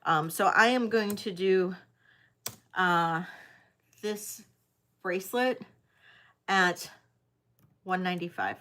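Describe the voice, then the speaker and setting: A woman hosting a live online sale, chatting casually as she auctions vintage jewelry, with frequent ums and pauses. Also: lowish voice, bright, forceful tone. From United States.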